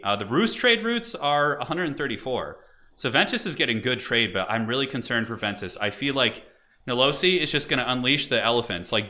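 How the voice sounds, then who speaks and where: A young man streaming and chatting excitably as he commentates a multiplayer strategy game, laughing often. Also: mid-range voice, a little hiss or hum.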